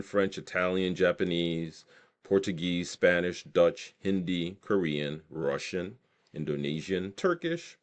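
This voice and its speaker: A man walking through a video tool on screen, reading out its options with enthusiasm. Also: deep voice. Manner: enthusiastic, reads options aloud. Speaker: software tutorial presenter. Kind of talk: screen-recorded software walkthrough.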